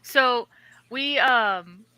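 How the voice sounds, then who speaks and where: A woman with a Missouri accent co-hosting a casual livestream, telling animated stories and acting out quotes. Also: a little high, very slow, smooth, poor audio. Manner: animated storyteller, acts out quotes. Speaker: co-host.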